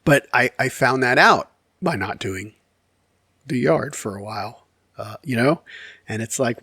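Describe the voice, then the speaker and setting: A man of medium pitch tells a casual, rambling story straight to his viewers, full of ums and restarts. His humor is wry and self-deprecating. The sound is dry and close, with no room echo. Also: sing-song, moderate pace, sharp tone, breathy edge. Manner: rambling and candid, with many fillers and self-corrections. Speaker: YouTube storyteller.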